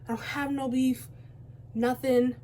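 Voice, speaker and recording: Teenage girl, casual makeup vlog, rambling storytelling, slightly high voice, faint background hiss. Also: little pitch movement, unhurried, dark tone. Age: teens. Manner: rambling, chatty, self-interrupting. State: out of breath. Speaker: beauty vlogger. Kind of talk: casual storytime chat while doing makeup. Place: home, by a window.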